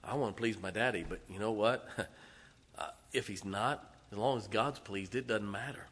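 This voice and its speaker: A man preaching a sermon as pastor, emphatic and laughing between lines, swinging from loud to soft. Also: on the low side, moderate pace, husky. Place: large church auditorium. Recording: long hall reverb.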